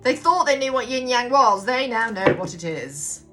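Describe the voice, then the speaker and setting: A woman's voice: fairly high pitch, lively intonation, normal speed, fairly bright tone. A woman giving a casual tarot reading, talking bluntly, swearing freely and rambling on. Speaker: tarot reader. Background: background music.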